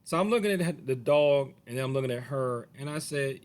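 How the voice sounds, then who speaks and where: A man's voice: mid-range voice, animated, brisk, few pauses, a little hiss or hum. A martial arts teacher telling a personal story to camera in a casual way, acting out the other people's voices as he goes.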